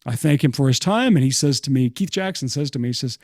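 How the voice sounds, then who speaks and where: A middle-aged man, a podcast host and newspaper sportswriter, telling a first-person story in a lively anecdotal way with quick self-deprecating asides. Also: medium pitch, no room sound, studio quality.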